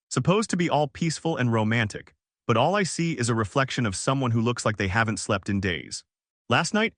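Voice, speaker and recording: Narrator: male, animated dramatic storyteller, dry close voice, mid pitch. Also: no room sound. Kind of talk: scripted first-person narration.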